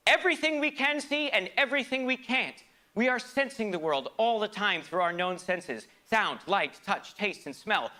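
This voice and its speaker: A stage performer delivers a theatrical comic monologue in a high voice, swinging between loud outbursts and hushed asides in a mock-grand, philosophical manner.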